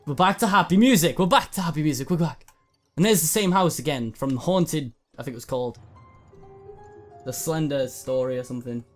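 A man's voice: on the high side, a little fast, faint music behind. A man giving nervous, swearing commentary while playing a horror game, often repeating words in panic. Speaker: let's play gamer.

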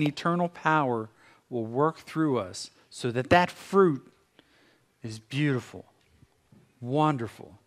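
A middle-aged American pastor preaching a sermon with dramatic pauses, now and then acting out voices. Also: male voice, mid-range voice, animated. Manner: dramatic pauses, acts out God's voice and a busy morning. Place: church sanctuary.

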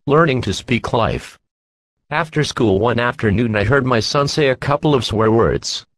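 A man giving a measured, steady scripted reading of a Christian parenting book as an audiobook narrator. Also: medium pitch, no room sound.

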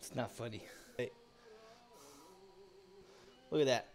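A young man streaming live in casual chat, loud, reactive and exclaiming. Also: mid-range voice, brisk, faint music behind.

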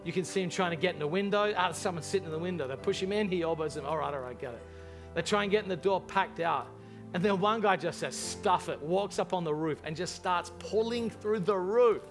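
A man preaching a sermon as pastor to a large church congregation, impassioned and animated in his storytelling. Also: high voice, a little fast, soft background music.

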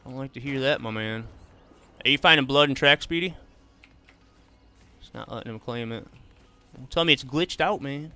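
A man chats casually with his viewers while he plays, easygoing and loose, calling everyone "man." His voice is bright and forceful, clean and smooth, with soft game music underneath. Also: mid-range voice, normal speed, long pauses. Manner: laid-back, drawls "man" and "bro" often. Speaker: streamer. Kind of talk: casual live gaming commentary, chatting with viewers.

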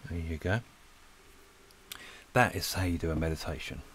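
A man rambling casually to viewers as he draws, relaxed and a little breathless. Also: sits low, moderate pace, a little hiss or hum. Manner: relaxed, rambling, talks to viewers while drawing. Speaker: art channel host. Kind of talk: casual chat while drawing. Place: lives in Spain.

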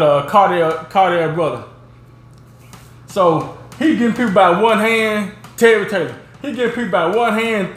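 A man hosting his own show, telling rambling, animated stories about backyard games and peppering them with "you know what I'm saying". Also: high-pitched, echoey room. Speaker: show host. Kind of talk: casual storytelling.

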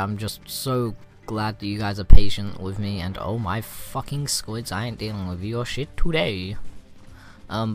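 Profane, rambling young gamer man. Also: fairly low pitch. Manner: profane, rambling and easily riled. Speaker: let's play gamer. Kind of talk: casual gameplay commentary. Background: game music.

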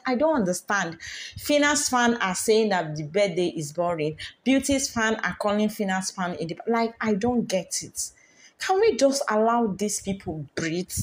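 A woman chats straight to her viewers in a casual commentary vlog. Her voice sits fairly high, and she sounds exasperated and talkative as she addresses the audience directly. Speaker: YouTube host.

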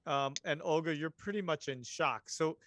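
A man acting as game master talks the players through their rolls, relaxed and a little halting. His voice sits a touch high, close and dry. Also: no echo. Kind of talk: running a tabletop horror game online.

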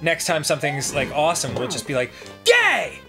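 A man co-hosting a gaming show, chatting casually and laughing, who often jumps into high-pitched bits. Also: fast talker. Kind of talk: casual banter over gameplay. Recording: game music underneath.

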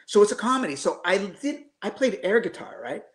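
Man in his fifties, storytelling guest, lively restarts, slightly higher voice, echoey room. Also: fairly quick. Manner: animated anecdotes with frequent restarts. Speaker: guest musician. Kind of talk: casual storytelling.

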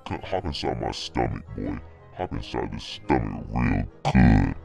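A teenage boy voicing a bossy male villain who threatens to swallow people, in a gravelly voice with mocking, drawn-out threats. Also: very deep voice, animated, a little mellow, soft background music, pitched below the performer's own voice, exaggerated voice. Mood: gloating.

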